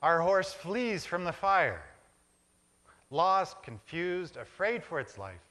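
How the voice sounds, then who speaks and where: A man's voice: high-pitched, very animated, slow pace, sharp tone. A male pastor preaching a reflective sermon in a church, building images in short, repeated phrases. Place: church sanctuary.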